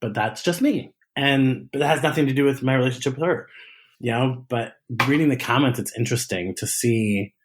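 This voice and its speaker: A man talks as an interview guest in a relaxed, chatty way. He tells stories with lots of energy, laughs and giggles often, and restarts his sentences as he goes. His voice sits at an ordinary middle pitch. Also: a little fast, background noise. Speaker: guest, drag performer. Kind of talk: casual interview chat.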